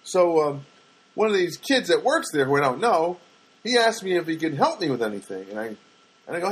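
An older man talks through a casual solo podcast in a husky voice. He tells everyday anecdotes in a rambling way and often stops to correct himself. He adds wry asides as he goes. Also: medium pitch, lively intonation, normal speed, long pauses. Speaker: podcast host.

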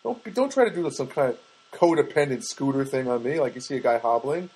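A husky-voiced man rambles through a comic monologue, stopping and restarting as he goes. His humor is self-mocking, with many quick asides. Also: mid-range voice, expressive, darkish tone, poor audio.

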